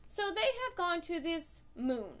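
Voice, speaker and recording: A woman's voice: extremely high pitch, very animated, unhurried, a bit bright. A young woman reviewing comic books in a casual vlog, blunt and profane, swinging between gushing and furious.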